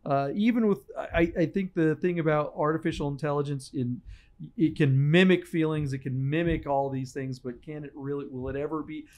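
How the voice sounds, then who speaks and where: A man with a fairly high voice co-hosts a casual podcast from a studio. He tells stories with energy and acts out the scenes as he goes. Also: normal speed. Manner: animated storyteller, acts out scenes. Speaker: podcast co-host. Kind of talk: casual chat.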